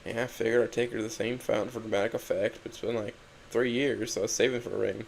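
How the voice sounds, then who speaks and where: A young man reading a first-person story aloud in a quiet, introspective, halting way. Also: lowish voice, fairly even intonation, vocal fry, a little hiss or hum, low-quality recording. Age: young adult. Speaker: narrator.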